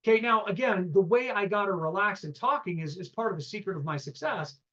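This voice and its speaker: A man's voice: high voice, expressive, a little fast, a bit bright, dull audio. A man teaching a live real estate seminar, telling stories and acting out both sides of phone calls, often asking the room questions.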